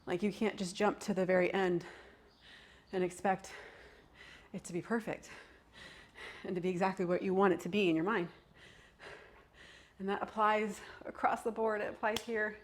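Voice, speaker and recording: A woman's voice: mid-range voice, fairly even intonation, moderate pace, long pauses. A woman, a mother, coaching a workout, pushing listeners to keep going and chatting through stories as she counts off moves. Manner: chatty, tells personal stories mid-workout. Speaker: fitness instructor. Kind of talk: workout coaching with motivational talk.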